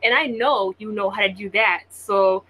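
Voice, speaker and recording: A woman's voice: medium pitch, moderate pace, bright, forceful tone, slight background noise, poor audio. A woman hosting a livestream, talking in a slangy, blunt, mocking way on a stream call. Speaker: livestream host. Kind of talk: casual livestream chat. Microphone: online stream call audio.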